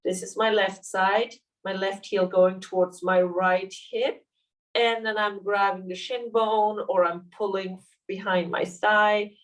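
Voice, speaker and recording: A woman leading a yoga class, calmly cueing poses and breaths step by step. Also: medium pitch, measured pace, far from the mic, low-quality recording. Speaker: yoga teacher. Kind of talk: guided yoga class instruction.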